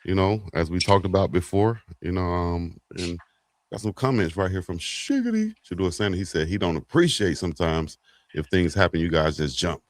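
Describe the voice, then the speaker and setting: A man co-hosting a casual sports talk show, slangy and animated, acting out quotes. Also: sits low, normal speed, no room sound. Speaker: co-host.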